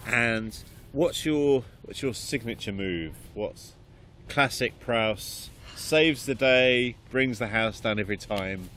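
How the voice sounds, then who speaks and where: A man's voice: medium pitch, slow pace, few pauses, a bit bright, slight background noise. A man hosting an improv podcast, asking questions in a playful, upbeat way. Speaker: podcast host. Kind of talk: casual interview.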